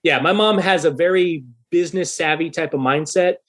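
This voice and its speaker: A thirty-year-old man telling a story in a casual podcast interview, animated and profane, loudly acting out the people he quotes. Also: fairly high pitch, normal speed. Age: 30s. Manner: animated, swearing, acts out quoted voices loudly. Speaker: guest musician.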